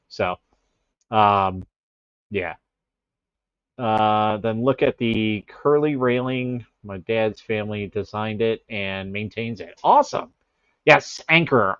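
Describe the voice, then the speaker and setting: A man's voice: on the low side, clean tone, no room sound, highs cut off. A man from the Chicago area hosting a casual livestream, talking in a rambling way with frequent restarts and laughs. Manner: rambling, self-interrupting, laughs often. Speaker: livestream host. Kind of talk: casual chat with chat readers.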